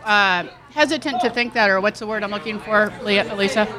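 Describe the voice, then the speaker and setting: A woman co-hosting a podcast in a restaurant, asking questions in an excitable way. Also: mid-range voice, fairly quick, soft background music, some chatter behind. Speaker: podcast co-host. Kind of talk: casual podcast chat.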